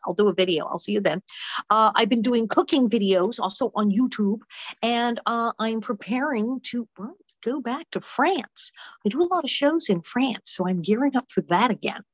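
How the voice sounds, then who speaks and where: A woman's voice: a little high, dry recording. A woman guest chatting with energy about her upcoming shows in an interview, talking from home. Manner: lively, chatty. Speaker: actress and comedian guest. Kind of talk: interview chat.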